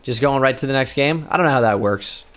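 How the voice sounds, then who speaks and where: A man's voice: mid-range voice, fast talker. Sarcastic young man calling his own baseball game. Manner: sarcastic play-by-play, shouting in bursts of excitement. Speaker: gaming YouTuber. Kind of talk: gameplay commentary. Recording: game music faintly behind.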